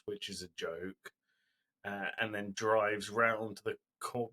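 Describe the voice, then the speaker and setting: Husky man rambling through a recap. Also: fairly low pitch, pushed and bright. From Britain. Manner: rambling storytelling recap with fillers. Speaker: podcast co-host. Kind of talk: casual chat.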